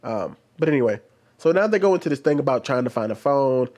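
A man talks loosely over a clip he is reacting to, mid-pitched for a man, rambling and restarting his sentences. He sits close to a desk microphone, and his delivery is that of casual commentary. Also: animated, quick pace, a little mellow. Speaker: reaction video host.

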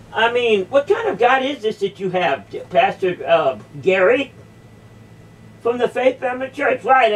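A woman in a heated confrontation in a church, incredulous and repeating her questions again and again. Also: fairly high pitch. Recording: voice distant from the mic.

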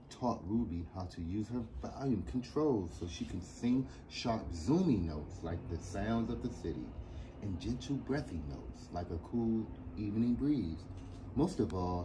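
A man reading a picture book aloud for children in an expressive, animated way. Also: fairly low pitch, a little slow, noisy background. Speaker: storyteller for an after-school program.

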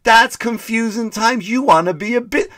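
A man doing a baffled, creaky old politician. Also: extremely high pitch, moderate pace, fairly bright tone, dry recording, clean studio sound, voice pushed up. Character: confused old male politician, stammering, patronizing.

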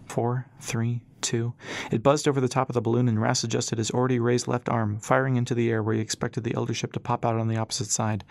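A man reading an audiobook as narrator, in a steady storytelling manner. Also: mid-range voice, no echo, clean studio sound.

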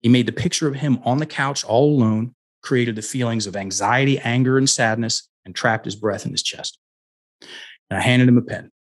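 Husky-voiced man telling stories. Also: mid-range voice, normal speed. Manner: animated, acts out his stories' dialogue. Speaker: guest, personal development coach. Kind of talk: storytelling in a podcast interview. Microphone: headset.

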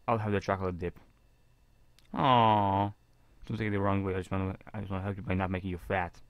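A man reading a visual novel aloud in a casual, halting way with jokey asides. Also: low voice, little pitch movement, no echo. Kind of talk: casual game reading with commentary.

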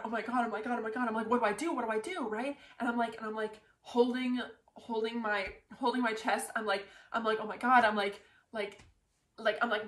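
A woman excitedly retelling her pageant win to camera, talking in a breathless rush full of "like" fillers. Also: a little high. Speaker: pageant titleholder. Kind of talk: casual storytelling to camera. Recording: roomy echo.

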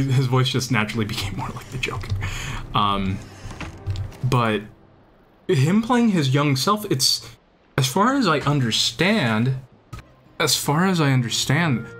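A man's voice: mid-range voice, a bit bright. Rambling young male game streamer. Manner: rambling, enthusiastic, many restarts. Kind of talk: casual chat while gaming.

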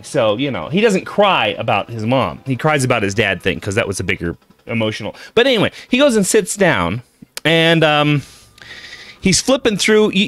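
A man spins a long, meandering joke, stumbling over his words and breaking off to restart. His pitch swings widely as he goes, and faint music sits behind him. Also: a bit bright. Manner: digressive, stammering, self-interrupting. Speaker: comedian telling a shaggy-dog joke. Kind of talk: rambling comic storytelling.

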